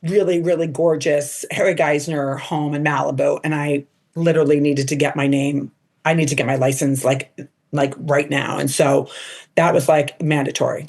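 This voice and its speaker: A middle-aged woman chatting as a podcast guest, her voice sitting a little low. She tells stories in a lively way, leans heavily on "like", and slips into other people's voices when she quotes them. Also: moderate pace, vocal fry. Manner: animated, quotes people in put-on voices, lots of "like". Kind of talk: casual storytelling interview.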